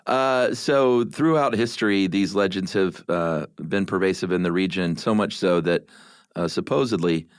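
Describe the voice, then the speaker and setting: A man's voice: sits low, normal speed, no echo, studio quality. A man co-hosting a podcast in casual chat, a laid-back storyteller who mocks himself and fills gaps with "uh". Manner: laid-back, self-mocking storyteller with many uhs. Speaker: podcast co-host.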